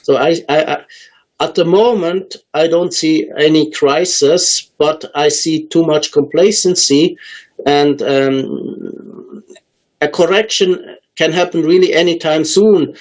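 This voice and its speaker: A man's voice: fairly high pitch, slow, poor audio. Hesitant man with a raised voice. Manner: hesitant, many ums and uhs, restarts. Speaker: market analyst guest. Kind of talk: unscripted interview answers.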